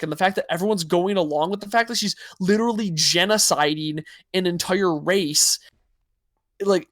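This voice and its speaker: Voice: medium pitch, dry recording. Casual podcast host, rambly and giggly, dry close mic. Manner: rambling, giggly, many fillers. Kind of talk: casual chat.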